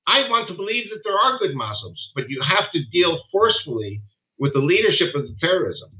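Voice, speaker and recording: Guy on a tinny phone-type line, a bit high, emphatic and rambly, keeps circling back. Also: very animated, brisk. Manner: emphatic, digressive storytelling. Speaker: guest commentator. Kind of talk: interview by remote call.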